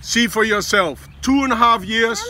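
Outdoors at a busy school, a Dutch-accented vlogger dad chats casually for a family vlog, teasing and often ending lines with "eh?". His voice is very high-pitched, pushed and bright, at a moderate pace.

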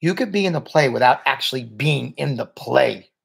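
A man voicing a young schoolgirl who speaks eagerly and scolds rudeness in a raised, bright voice. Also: mid-range voice, lively intonation, moderate pace, gravelly, husky, heavily acted. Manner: eager, reproachful. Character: earnest, scolding schoolgirl, about ten.

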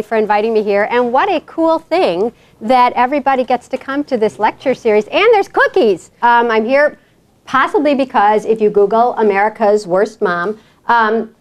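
A woman with a New York accent giving a humorous lecture as a guest speaker in a college lecture hall, telling stories as an animated, joking storyteller. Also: a little high.

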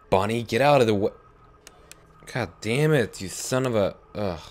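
A young man talks through a horror game in a lively voice that jumps around a great deal. He mutters under his breath, then breaks into startled yelps. It sounds like casual let's play commentary into a desk mic. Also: on the low side. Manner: jittery, swings from hushed muttering to yelps. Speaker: gaming YouTuber.

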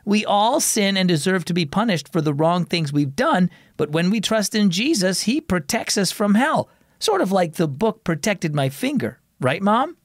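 A man's voice: high voice, sing-song, moderate pace, dry recording, clean studio sound, pitched above the performer's own voice. A man voicing a playful, cocky older brother in a children's story, teasing and eager.

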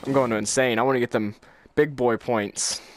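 A man's voice: medium pitch, steady tone, fairly quick, a little hiss or hum. A man hosting a gaming channel, giving let's-play commentary while nervous, jumpy and laughing often.

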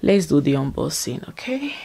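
A woman's voice: low-pitched, sing-song, normal speed, gravelly, warm tone, husky, poor audio. A mother vlogging at home, chatting casually to her viewers and calling them "you guys" and "my loves.". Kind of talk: casual vlog narration to viewers. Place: at home indoors.

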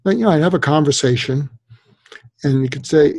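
Briskly and a little high in pitch, an older psychiatrist guest on a podcast interview tells his stories with no echo. He's lively throughout, taking on the voices of the people he quotes.

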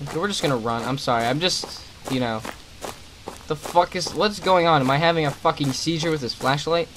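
A man's voice: a little high, fairly quick, a bit bright, a little hiss or hum, rough recording. A young man commentating a horror game as he plays, swearing often and tossing out sarcastic, irritated asides. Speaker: gaming commentator. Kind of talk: let's play commentary.

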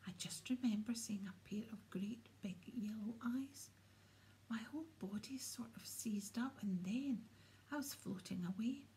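Lady reading a mopey, dramatic ghost girl from a storybook, high and mellow. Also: animated, normal speed, a little hiss or hum. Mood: relishing, dramatic. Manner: moping, dramatic. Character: sulky, self-pitying teenage girl ghost.

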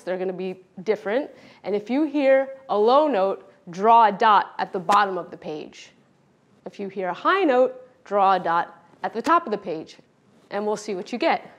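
A woman teaching a children's music lesson, speaking clearly and playfully, often demonstrating with her own voice. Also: medium pitch, expressive, unhurried, highs cut off. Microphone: pre-recorded video lesson.

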